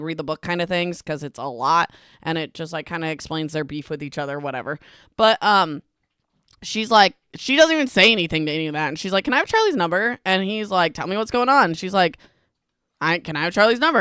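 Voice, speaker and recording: Young woman podcaster, smooth clear voice, super chatty, tons of "like", dry close sound. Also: on the low side, a bit bright, no echo. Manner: chatty, filler-heavy, wry asides. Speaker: book podcast host. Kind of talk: casual chapter recap.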